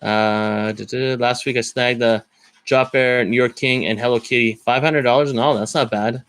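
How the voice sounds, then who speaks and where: A man from Canada talks casually on a live stream, rambling and thinking aloud as he goes. His voice sits in a middle pitch. The sound is dry and close, with no room around it. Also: steady tone, normal speed, fairly bright tone, no echo. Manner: rambling, thinks aloud while browsing listings. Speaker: card collector streamer.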